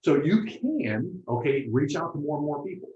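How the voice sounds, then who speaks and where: A man giving a motivational seminar talk to a live group, animated and often checking in with the audience. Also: on the high side, normal speed. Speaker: motivational speaker. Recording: roomy, dull lo-fi room recording.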